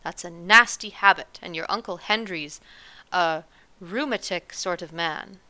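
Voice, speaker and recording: A woman voicing an anxious, scolding tiny mother in a storybook reading, sharp and emphatic. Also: on the low side, unhurried.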